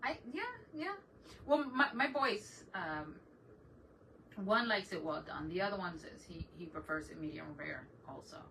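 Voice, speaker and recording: Bright-voiced chatty woman crafting live. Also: lowish voice, expressive, unhurried. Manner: chatty, laughs often, talks to viewers in chat. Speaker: DIY craft channel host. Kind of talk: casual livestream chat while crafting. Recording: voice a bit far from the mic, faint background noise.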